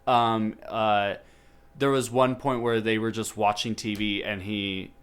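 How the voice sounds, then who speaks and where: A man's voice: lowish voice, flat delivery, a little slow, a bit bright, clean tone. Male podcast host, casual rambling delivery, full of fillers. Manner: rambling, lots of fillers and restarts. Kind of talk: casual chat about a movie.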